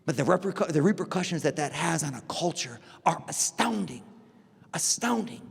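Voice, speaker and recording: A man, a priest, giving a lively conference talk full of rhetorical questions and acted-out dialogue. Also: a little high, moderate pace, gravelly, husky. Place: large conference hall. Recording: long hall reverb.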